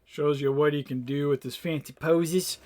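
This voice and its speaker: A man's voice: on the high side, fairly even intonation, normal speed, darkish tone. A young man co-hosting a casual toy review, talking enthusiastically and rambling with lots of fillers. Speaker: co-host reviewing toy figures.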